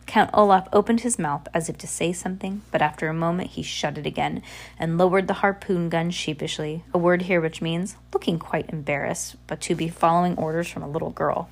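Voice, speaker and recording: A woman's voice: fairly low pitch, fairly quick, creaky. Woman reading a storybook aloud. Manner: steady, plain reading with small slips. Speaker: audiobook reader. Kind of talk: storybook narration read aloud.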